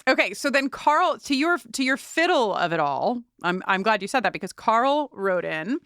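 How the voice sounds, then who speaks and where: A woman's voice: fairly high pitch, sing-song, normal speed, fairly bright tone, smooth, no room sound, studio quality. A woman co-hosting a casual podcast, reading listener emails aloud with playful asides and frequent laughter. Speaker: podcast co-host.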